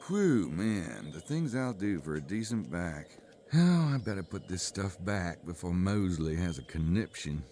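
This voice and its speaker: An actor playing a wry, sardonic American detective hero in a video game. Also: male voice, low-pitched, very animated, measured pace, dark tone, exaggerated voice. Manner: dry, sardonic drawl.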